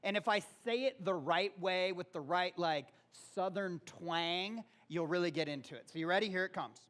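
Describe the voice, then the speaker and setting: A man preaching a sermon in a church, talking casually and rising loud on quoted verses. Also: sits high, moderate pace. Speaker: pastor. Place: church auditorium.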